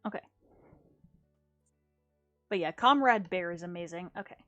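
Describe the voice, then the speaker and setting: A young woman streams her gameplay, chatting casually, poking fun at herself and humming small sound effects while soft music plays. Her voice is on the low side and expressive, at a normal speed, and the recording sounds muffled.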